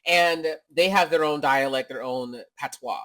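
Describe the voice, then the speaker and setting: A woman's voice: a bass voice, unhurried, fairly bright tone. Rambling American woman co-host. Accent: General American. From United States. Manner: rambling, tangential, says "you know what I mean". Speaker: podcast co-host. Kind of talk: casual podcast chat.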